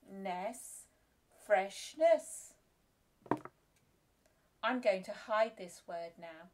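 Very slow, careful woman teaching phonics. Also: mid-range voice. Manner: slow, clear, sounding out letters and syllables. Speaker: reception class teacher. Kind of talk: phonics lesson for young children.

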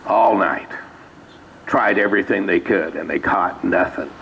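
Low-voiced man preaching casually. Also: measured pace, creaky, lo-fi sound, background noise. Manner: conversational, reads scripture aloud with asides. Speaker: pastor. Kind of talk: sermon. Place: small church sanctuary.

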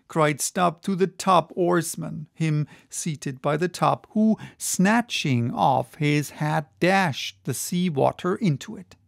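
A man reading a classic novel aloud as an audiobook, in slow, measured, deliberate narration. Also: on the high side, gravelly, dry recording, clean studio sound. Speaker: audiobook reader.

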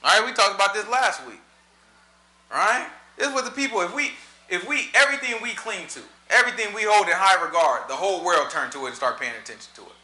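Fast, animated male Bible teacher. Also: high-pitched, reverberant. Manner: animated, slangy, repeats "you know what I'm saying". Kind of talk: casual Bible study commentary.

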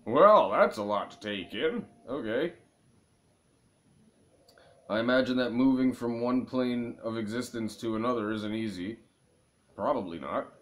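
Crude, joking young gaming host. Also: male voice, medium pitch, unhurried, pauses often. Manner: crude, joking, grumbling asides. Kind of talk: casual let's play commentary.

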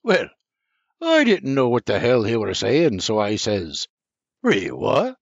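An older man narrates a first-person audiobook in a folksy, animated storytelling manner. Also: medium pitch, a little slow, vocal fry, dry recording. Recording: dry, slightly muffled recording.

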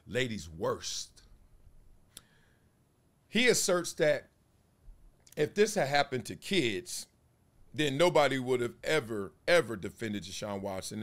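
A man in his forties hosting a casual commentary show, talking in an animated way and acting out little quotes. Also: medium pitch. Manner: animated, acts out voices and quotes. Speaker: show host.

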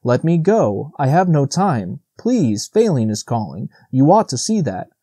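A man's voice: on the high side, huge pitch swings, normal speed, warm tone, slightly rough, pitched above the performer's own voice, heavily acted. A man voicing an impatient young male deer in a storybook, pleading and urgent.

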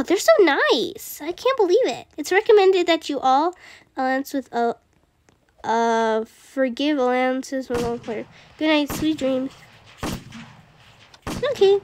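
A woman voicing Fluttershy, a timid gentle young female pony, talking through a video game and gasping at every fright. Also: sits high, sing-song, slow, full character voice. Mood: nervous. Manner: easily frightened, gasps and soft exclamations. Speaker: gamer. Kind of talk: playing a video game in character. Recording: constant background noise.

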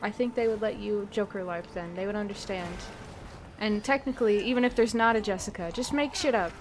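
A young adult woman chats casually while live-streaming a game, swearing freely and giggling often. Her voice is mid-range and brisk, with slight background noise behind it.

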